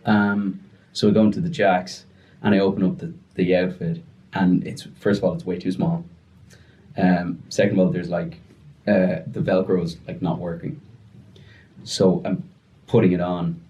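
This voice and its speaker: A man with an Irish accent tells a story as a podcast guest, chatty and loose, with lots of fillers. His voice sits low. He is heard from a distance, with a dull, lo-fi tone. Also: little pitch movement, moderate pace, long pauses, darkish tone. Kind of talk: casual storytelling.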